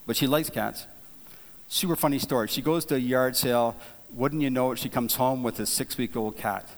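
A man preaching a sermon, telling a folksy story in a relaxed, conversational way, with frequent restarts and repeated words. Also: mid-range voice. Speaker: pastor. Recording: long hall reverb.

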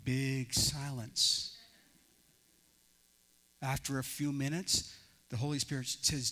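A man's voice: medium pitch, little pitch movement, slow pace, pauses often, sharp tone. A male pastor preaching a sermon in an earnest storytelling manner, often restarting his phrases. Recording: long reverb in a large hall.

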